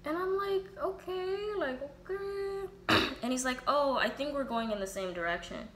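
A young woman vlogger with a high, fairly bright voice swings widely in pitch while talking at normal speed. She candidly acts out both sides of a casual, profane storytime, quoting herself and others, over a roomy echo, faint ambience, and slight background noise.

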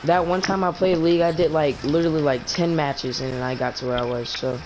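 A teenage boy chatting with friends over voice chat while playing an online game, excitable and prone to voice cracks when he yells. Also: fairly high pitch, a little fast, slight background noise, poor audio. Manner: excitable, shouts during fights, voice cracks upward. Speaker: gamer streaming with friends. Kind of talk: casual voice chat while gaming.

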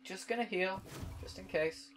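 A man's voice: high-pitched, normal speed, a bit bright, a little hiss or hum. An English man commentating his own gameplay, who swears a lot and shrieks and screams in frustration. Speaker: let's play commentator.

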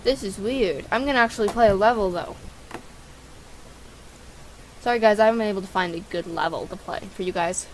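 A woman giving excitable gameplay commentary as a gaming channel host, yelping and shouting at the game. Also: medium pitch, fairly quick, pauses often, slight background noise, low-quality recording.

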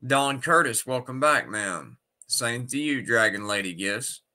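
A man's voice: medium pitch, animated, measured pace, bright, forceful tone. A sick man hosting a casual livestream, greeting his viewers one by one by name. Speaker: livestream host.

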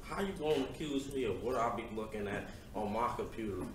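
A man's voice: on the low side, expressive, brisk, close to an everyday voice. A young man playing a brash, defiant suspect. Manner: slangy, streetwise banter. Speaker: student actor in a class skit. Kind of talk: amateur comedy skit acting. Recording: echoey room, distant mic, loud noise.

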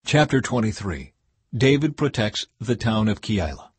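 A man narrating a Bible audiobook in a measured, expressive reading voice. His tone is slightly husky, and the recording is dry and close, as if made in a small booth. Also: fairly low pitch, no room sound.

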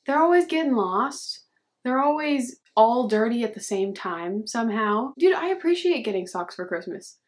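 A woman's voice: fairly high pitch, lively intonation, moderate pace. A young woman vlogging casually, reacting to memes with sarcastic, chatty commentary. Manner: sarcastic, says "dude" a lot. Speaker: YouTuber.

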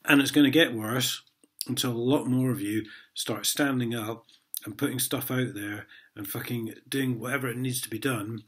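A man's voice: medium pitch, fairly even intonation, moderate pace, a bit bright. An Englishman in an angry vlog rant, swearing heavily and mocking a letter he reads aloud. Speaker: vlogger.

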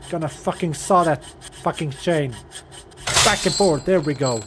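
A young man who is not a native English speaker, with a voice on the high side and a slightly slow pace, casually commentates a horror game for his gaming channel. He jokes, swears and talks to the characters on screen, with slight background noise.

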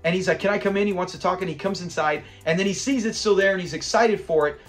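High-voiced man retelling a sitcom episode. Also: fast, faint music behind. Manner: animated retelling, acts out quotes, laughs often. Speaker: show review channel host. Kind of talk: casual episode commentary.

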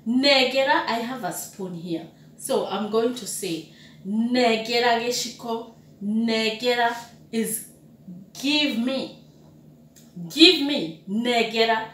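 A young adult woman gives a casual language lesson at a very slow, patient pace, saying each word over and over. Her voice sits a little high. She is set back from the mic in an echoey room with faint noise behind her. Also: distant mic. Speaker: language teacher.

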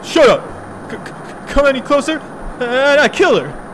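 A man voicing a simple-minded young male convict who speaks broken English and shouts in desperate bursts. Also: sits high, very animated, slow, a little hiss or hum, heavily acted. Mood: threatening.

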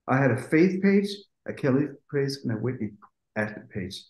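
Man, music producer, animated storyteller, swears casually, echoey room. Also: on the high side, normal speed. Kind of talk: anecdotal interview storytelling.

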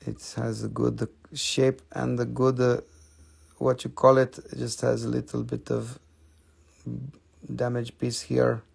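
Slow, gravelly man hosting a sales stream. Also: mid-range voice, completely flat delivery, darkish tone. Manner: jokey, chatty, coaxes viewers to comment. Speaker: host selling minerals on a live stream. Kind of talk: live sales stream patter.

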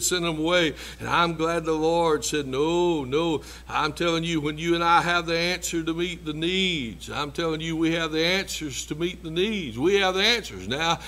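A man's voice: on the high side, fairly bright tone. A man preaching a sermon in a church, folksy and emphatic, repeating his phrases. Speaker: pastor.

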